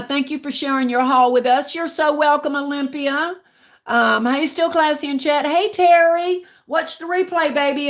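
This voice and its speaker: Southern woman livestreamer with a country twang, higher-pitched, talks to viewers like family. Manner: chatty, warm with viewers, calls them baby and honey. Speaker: livestream host. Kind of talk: casual live chat reading viewer comments.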